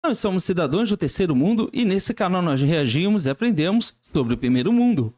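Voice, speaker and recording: A man's voice: high voice, very animated, fast, a little mellow. A man hosting a reaction channel in a friendly, casual way.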